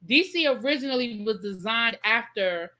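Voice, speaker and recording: Bright-voiced woman hosting a chatty live stream. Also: fairly high pitch, expressive, moderate pace. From Washington, D.C. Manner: chatty, explains patiently, reads out viewer comments. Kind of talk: casual live-stream chat.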